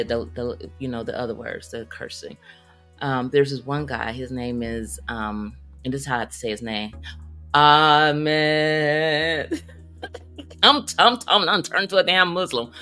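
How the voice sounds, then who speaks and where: A woman comedian rambles through her stories in a casual, animated monologue. Her voice sits low yet comes across bright and forceful. Now and then she flips into high, squeaky voices to quote people, and faint music plays behind her. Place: Las Vegas.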